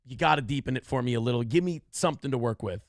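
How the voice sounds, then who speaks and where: A man's voice: mid-range voice, racing, no echo, studio quality. A man hosting a morning show, riffing on a news clip in a crude, profane, mocking rant. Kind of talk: comedic commentary on a news clip.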